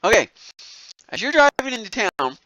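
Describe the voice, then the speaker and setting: Male GM from Alabama, animated intonation, chatty and laugh-prone. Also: high-pitched, normal speed, lo-fi sound. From southern Alabama, USA. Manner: laughing, rambling with fillers. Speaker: game master. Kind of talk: running a tabletop game, casual.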